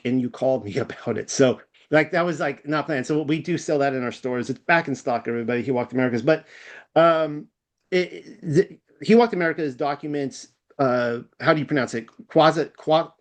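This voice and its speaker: Man, Californian accent, mid-pitched voice, rambling, self-deprecating, guest on a casual chat. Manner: rambling, self-deprecating, many fillers and restarts. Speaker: podcast guest.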